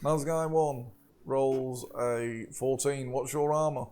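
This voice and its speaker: A man's voice: mid-range voice, takes it slowly. A man running a tabletop game as game master, narrating rolls and laughing often as he goes. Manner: laughs often while narrating, relaxed and jokey.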